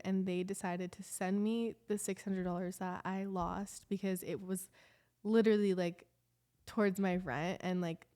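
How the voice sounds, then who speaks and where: A woman's voice: mid-range voice, a little mellow, clear, resonant tone. Young woman vlogger, casual confessional chatter, rambling and heartfelt. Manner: emotional, rambling, lots of "like" fillers.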